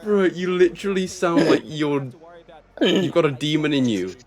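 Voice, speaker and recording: A man's voice: fairly high pitch, expressive, normal speed, a little mellow. A young man with a teasing manner, laughing constantly while chatting with friends during a reaction stream. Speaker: streamer co-hosting a reaction video. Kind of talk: casual chat.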